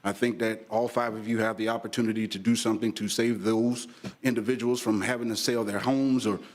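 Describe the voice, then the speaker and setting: A man's voice: lowish voice, little pitch movement, brisk. A man, a reverend, giving an earnest, conciliatory public comment at a podium microphone in a city commission chamber, with a preacher-like cadence.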